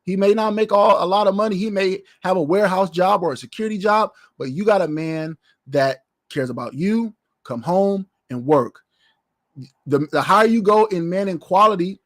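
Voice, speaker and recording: High-voiced preaching pastor, man. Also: dry recording, studio quality. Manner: conversational preaching, repeats phrases. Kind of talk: sermon.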